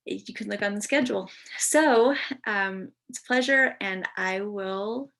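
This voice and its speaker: A woman's voice: mid-range voice, unhurried, fairly bright tone. A woman instructor giving a recorded lecture in a chatty way, with many ums and restarts.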